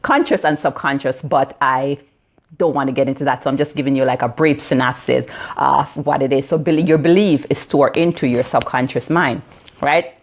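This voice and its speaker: Jamaican woman, fifties, low voice, dull phone stream, teaching live with fillers and "right?" check-ins. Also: steady tone, moderate pace. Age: 50s. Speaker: theta healing practitioner.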